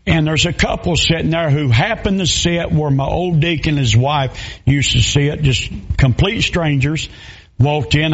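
Preacher, folksy storytelling sermon. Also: male voice, on the high side, muffled recording. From Southern US. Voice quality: folksy, storytelling with dialect grammar. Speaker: pastor.

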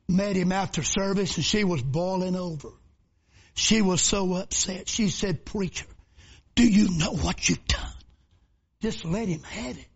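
An older man preaching a shouted revival sermon, calling out questions to the congregation. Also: high-pitched, husky, highs cut off. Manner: preaches in shouted bursts with rhetorical calls to the crowd. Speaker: pastor.

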